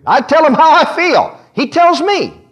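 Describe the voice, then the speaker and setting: A male preacher with a notably high voice that swings widely up and down as he talks. He delivers his sermon in an animated, conversational way, often laughing as he goes. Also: measured pace. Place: church service.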